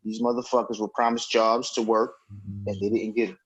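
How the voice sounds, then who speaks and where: A man co-hosting a podcast, an excitable storyteller who acts out the people he quotes. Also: lowish voice, fairly quick, low-quality recording. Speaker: podcast co-host. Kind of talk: casual chat.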